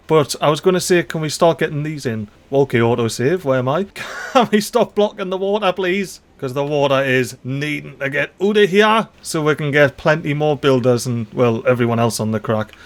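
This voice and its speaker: A chatty, excitable man with a fairly high voice gives casual commentary over his own gameplay. He swears mildly, uses dialect slang and keeps talking straight to the little characters on screen. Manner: excitable, talks to the game characters. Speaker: let's play host.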